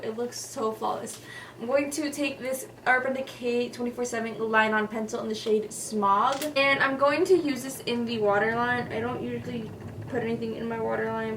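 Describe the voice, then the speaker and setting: Young woman vlogger, higher voice, casual and swearing, a bit off-mic in a faintly noisy room. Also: recorded from a distance. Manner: chatty, profane, lots of "like" and "y'all". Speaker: beauty vlogger. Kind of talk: casual storytelling during a makeup tutorial. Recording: voice a little off-mic with faint noise.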